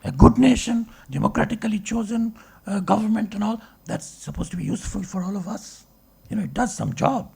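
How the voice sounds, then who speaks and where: A man's voice: high voice, fairly quick, creaky, dark tone, slightly rough. A man, a philosophy professor, giving a discursive public lecture and checking in with the audience with rhetorical questions. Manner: discursive, asks rhetorical checks like okay and right.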